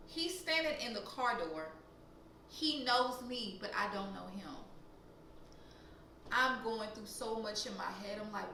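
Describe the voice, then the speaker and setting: Young louisiana woman cussing through a storytime, bright sharp voice, echoey room, sitting back from the mic. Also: normal speed, distant mic, slight background noise. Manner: profane, animated, voice jumps high and loud when heated. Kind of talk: casual storytime.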